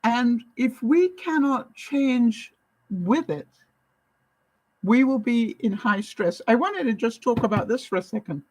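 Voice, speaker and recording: Woman vlogger, lively storyteller with a higher voice, laughs a lot, close dry sound. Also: measured pace, dry recording, rough recording. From Canada. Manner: animated, chatty, laughs often while telling stories. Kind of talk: casual storytelling to camera.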